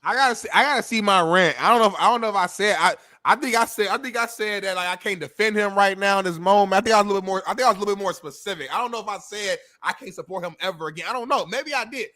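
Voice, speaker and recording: A man's voice: high voice, rapid-fire, few pauses, pushed and bright. A man co-hosting a sports talk show, defending his opinions in a casual, profane way. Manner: defensive, casual, profane, calls people homie. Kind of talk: heated sports debate.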